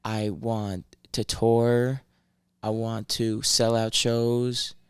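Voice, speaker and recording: Smooth-voiced, soft-spoken man from Massachusetts. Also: fairly low pitch, flat delivery, very slow, dry recording, clean studio sound. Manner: soft-spoken, searching for words. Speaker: rapper, podcast guest. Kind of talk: casual chat.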